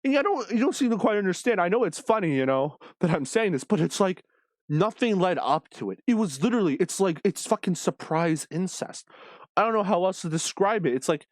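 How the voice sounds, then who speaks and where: A man's voice: sits high, brisk, no room sound. A man ranting casually about a comic he read, swearing constantly and sounding exasperated. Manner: profane, animated, exasperated. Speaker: manga reviewer.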